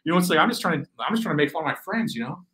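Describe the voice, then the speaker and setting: A man chatting as a podcast guest, animated and swearing, acting out voices and often saying "bro". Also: a little high, racing, poor audio. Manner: animated, swears, acts out quoted voices, says "bro" a lot. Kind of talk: casual chat.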